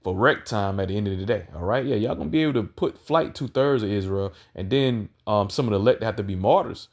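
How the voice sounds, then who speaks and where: Man, low voice, street preacher, combative ranting sermon, slow scripture reading, heavy swearing, keeps saying "man". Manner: combative, swearing, fills lines with "man" and "all right"; reads verses slowly and loudly, then rants quickly.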